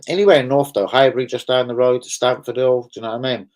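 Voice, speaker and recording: A man's voice: mid-range voice, fairly even intonation, fast talker, poor audio. A man with a London accent hosting a casual livestream, chatting bluntly with his viewers and swearing freely. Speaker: livestream host.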